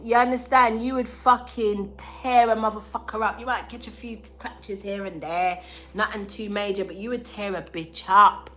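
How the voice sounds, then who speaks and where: Woman, tarot reader, sore throat, loud and profane, sharp bright tone. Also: medium pitch. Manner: loud, profane, animated banter. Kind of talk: live tarot reading to viewers.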